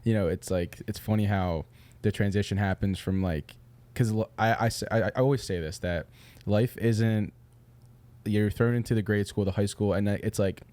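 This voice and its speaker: A man's voice: fairly low pitch, steady tone, moderate pace, a little mellow, dry recording. A man hosting a podcast, asking long, rambling, encouraging questions in a casual interview chat. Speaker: podcast host.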